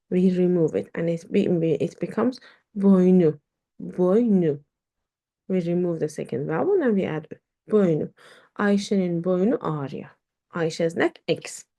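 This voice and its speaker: Woman teacher, slow and patient, lots of uhs, kinda dark mellow voice. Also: fairly low pitch. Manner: slow explaining with fillers and repeated words. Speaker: Turkish teacher. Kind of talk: online language lesson.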